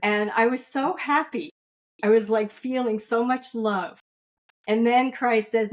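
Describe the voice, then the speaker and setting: A woman's voice: on the high side, steady tone, measured pace. A middle-aged woman, a spiritual angel reader, telling an earnest personal story in an interview. She often repeats herself and checks in with "right?". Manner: warm, repetitive, checks in with "right?".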